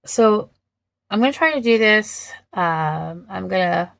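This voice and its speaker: A woman speaks slowly and thoughtfully as she compares film versions, pausing often to gather her words. Her voice carries a gravelly edge, and the recording is dry with no room sound. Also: medium pitch, expressive, a bit bright, no echo. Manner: thoughtful, hesitant, many ums and restarts. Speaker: vlogger reviewing films. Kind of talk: casual film commentary.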